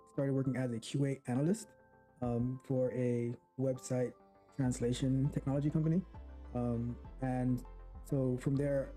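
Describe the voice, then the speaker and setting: Guy doing a recorded intro about himself, lots of ums and pauses, faint music behind. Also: mid-range voice, dark tone. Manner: hesitant, with many pauses and fillers. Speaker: quality assurance engineer.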